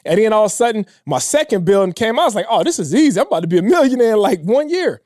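A man in his thirties telling a personal story in a casual, emotional way, dropping low and quiet when he quotes others. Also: very animated, racing, dry recording, studio quality. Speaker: podcast guest.

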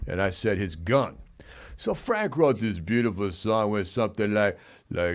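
A man hosting a comedic chat show, talking in a deadpan, mumbling way. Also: on the low side, normal speed. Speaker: host.

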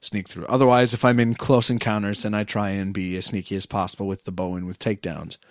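A man's voice: fairly low pitch, little pitch movement, fast, dry recording, studio quality. Rambling man on a gaming podcast. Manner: rambling with many fillers, laughs often. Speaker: podcast co-host. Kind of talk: casual gaming podcast chat.

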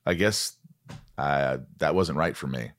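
A man's voice: very deep voice, unhurried, fairly bright tone. A man hosting a podcast, chatting casually and animatedly, swearing freely and acting out his stories. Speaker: podcast host. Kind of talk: casual conversation.

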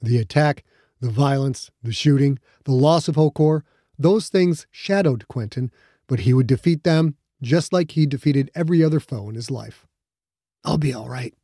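A man reading a novel aloud as narrator, measured and even. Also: medium pitch, no echo, clean studio sound. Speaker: audiobook narrator. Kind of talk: scripted narration.

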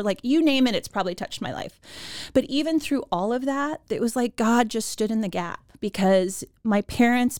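A middle-aged woman from Oregon shares her own life story in an interview, earnest and animated, sometimes emotional. Her voice sits in a middle register. The recording is dry and close, with no room sound. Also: mid-range voice, clean tone, dry recording. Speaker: executive director of a pregnancy center.

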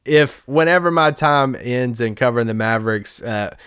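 A man's voice: mid-range voice, normal speed, fairly bright tone, smooth, no room sound, clean studio sound. A man hosting a podcast, a sports reporter telling a story in a loose, rambling way and laughing often as he goes. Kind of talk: casual anecdotal storytelling.

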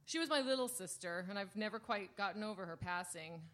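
A woman's voice: medium pitch, animated, fairly quick, fairly bright tone, lightly acted. An actress playing a gushing, self-promoting female TV star, reading out a letter in a stage play with showy sincerity. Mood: earnest. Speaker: letter writer.

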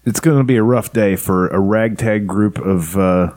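A man co-hosting a casual podcast, trading deadpan jokes and swearing. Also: on the low side, normal speed, no echo. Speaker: podcast co-host. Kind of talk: casual crude banter.

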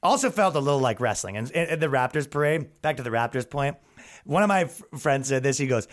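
A man's voice: on the high side, lively intonation, moderate pace. A young man hosting a podcast, rambling through comedic stories with laughs and restarts. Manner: rambling, laughing, frequent restarts and acted quotes. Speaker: podcast host. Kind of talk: comedic storytelling monologue.

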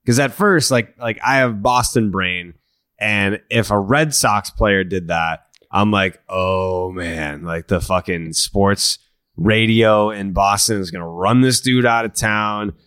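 A man's voice: lowish voice, unhurried, a bit bright, clean tone, no room sound, clean studio sound. A man co-hosting a casual baseball podcast. He talks in a conversational, profane and analytical way. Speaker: podcast co-host. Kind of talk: casual sports chat.

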